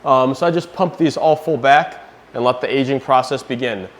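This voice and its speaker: A man's voice: medium pitch, moderate pace. A young man from New Hampshire chatting to camera in a casual home vlog, joking as he works. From New Hampshire, USA. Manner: chatty, jokey, talks to camera while working. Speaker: fish-keeping vlogger. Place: home basement and rooms.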